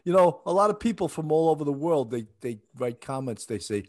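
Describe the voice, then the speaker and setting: A man's voice: fairly high pitch, lively intonation, fairly quick, darkish tone. A man with a Long Island New York accent chatting casually, a brash storyteller who laughs often. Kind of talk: casual chat.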